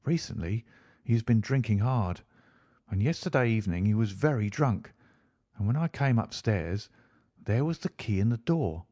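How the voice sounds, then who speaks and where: A man reading a classic mystery story aloud in a measured, even storytelling manner. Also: fairly low pitch, no room sound. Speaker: audiobook narrator. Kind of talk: scripted narration of a classic story.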